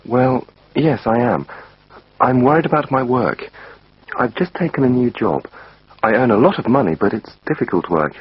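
A man's voice: medium pitch, animated, normal speed, slightly rough, pitched above the performer's own voice. A man voicing a worried, overworked male patient who speaks anxiously, reading a textbook dialogue. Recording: dull lo-fi recording.

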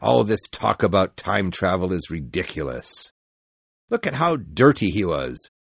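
A man's voice: deep voice, big pitch swings, a little slow, vocal fry, breathy edge, no room sound, pitched below the performer's own voice, heavily acted. A man reading the lines of a skeptical male newspaper editor who mocks and jokes, in a storybook. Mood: scoffing. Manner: scoffing and jokey.

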